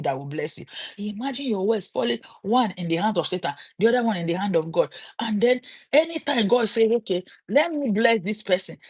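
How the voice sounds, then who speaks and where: A middle-aged woman with a Nigerian accent, telling a story on a livestream and turning it into a sermon, with animated quoted voices and preachy asides. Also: mid-range voice, husky. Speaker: livestream host.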